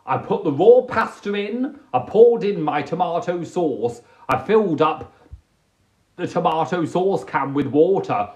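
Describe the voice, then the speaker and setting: A man from England hosting a casual livestream from home, playful and chatty. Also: fairly high pitch. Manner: playful, animated, breaks into silly improvised singing. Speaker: livestream host.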